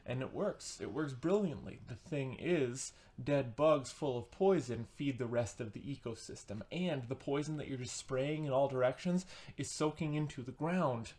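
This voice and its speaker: A man's voice: medium pitch, normal speed, hardly any pauses, darkish tone. A man giving a casual, sarcastic and rambling book review as a vlogger, with comic asides.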